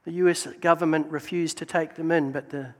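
A man telling faith stories in a church testimony talk, animated and exclaiming praise. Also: on the high side, a little fast. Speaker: Gideons member giving testimony. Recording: long hall reverb.

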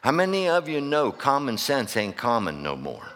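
A man preaching a sermon to his church. He swings from loud, impassioned outbursts to hushed asides and keeps asking the congregation rhetorical questions. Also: mid-range voice, huge pitch swings, moderate pace. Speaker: pastor. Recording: long reverb of a large hall.

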